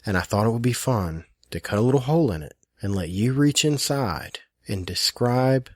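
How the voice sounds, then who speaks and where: A man's voice: mid-range voice, expressive, moderate pace, no echo, clean studio sound. A man co-hosting a podcast in casual chat, teasing and easygoing, often breaking into laughter. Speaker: podcast co-host.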